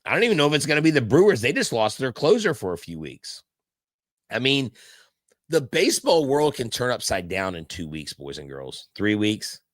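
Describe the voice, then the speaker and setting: A man's voice: mid-range voice, fairly bright tone, no room sound, studio quality. A male podcast host, giving fired-up sports commentary in an emphatic pep-talk style full of rhetorical questions. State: hyped up.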